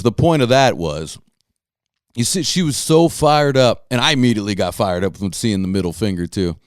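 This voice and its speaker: In a casual storytelling monologue, a middle-aged man rambles through a tale for his followers, swearing, restarting sentences, and laughing at himself. His voice is lowish and darkish yet clean, recorded in a clean studio with no room sound.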